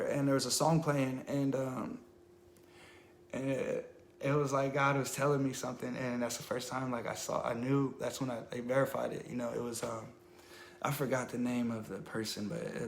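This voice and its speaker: A man tells his personal testimony live, speaking earnestly and emotionally and filling the story with "like" and "man". His voice sits in an ordinary middle pitch. The room around him adds a noticeable echo, as on a phone or webcam live stream. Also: a little hiss or hum. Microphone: phone or webcam on a social media live stream.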